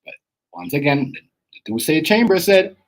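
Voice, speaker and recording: A man hosting a casual livestream, talking straight to his chat in a streetwise, animated way that repeats itself a lot. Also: on the high side, normal speed, poor audio. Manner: animated, repetitive, streetwise slang, addresses chat directly. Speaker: livestream host.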